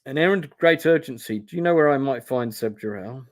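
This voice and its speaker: A man doing a low, husky warrior hero. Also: lively intonation, brisk, natural voice. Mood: urgent. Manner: low, quiet, husky murmur. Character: brooding young male warrior hero.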